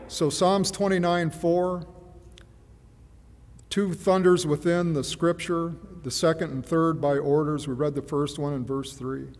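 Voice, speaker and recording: A man preaching a sermon in a measured, musing way, often hesitating and repeating himself. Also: fairly high pitch, steady tone, a little mellow. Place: church. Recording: long church reverb.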